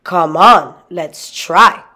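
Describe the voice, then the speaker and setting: Lady doing steady reassuring dad, slow and firm, storybook. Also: lowish voice, exaggerated voice. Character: calm steady tiny husband and father.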